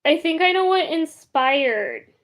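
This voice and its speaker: A woman's voice: high-pitched, expressive, slow pace. A young woman streaming live, chatting casually and rambling, often laughing. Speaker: livestreamer. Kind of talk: casual livestream chat.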